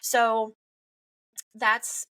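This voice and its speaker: Young female therapist guest, animated and expressive, dry room, slightly distant. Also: a little high, extremely slow, dry recording. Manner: expressive, animated, acts out quoted parents and teens. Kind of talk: conversational podcast interview.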